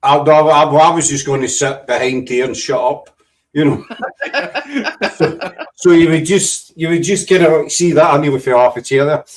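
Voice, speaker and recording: A man's voice: fairly high pitch, steady tone, normal speed, recorded from a distance. A Scottish man hosting a casual video-call chat, teasing his guests and rambling in a jokey way. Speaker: host.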